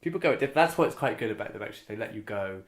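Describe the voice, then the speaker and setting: Lively young man, laughing storyteller. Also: fairly low pitch, quick pace. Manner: animated, laughs often, does impressions of others. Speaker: actor and interviewee. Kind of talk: casual interview chat.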